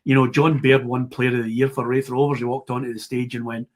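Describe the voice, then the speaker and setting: A middle-aged Scottish man, a football broadcaster, chatting as a guest in a podcast interview and telling lively stories, acting out the players he quotes. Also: mid-range voice, brisk. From Scotland. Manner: lively storyteller who acts out the players he quotes. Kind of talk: casual interview chat.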